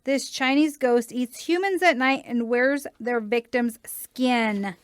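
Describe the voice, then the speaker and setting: A woman with a somewhat high voice reads strange legends on a podcast, then slips into quick jokes and laughter with her co-hosts. The sound is close and dry. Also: clear, resonant tone, no echo. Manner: laughs between lines, reads legends with jokey asides. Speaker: podcast co-host reading cryptid stories. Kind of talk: casual podcast chat and reading aloud.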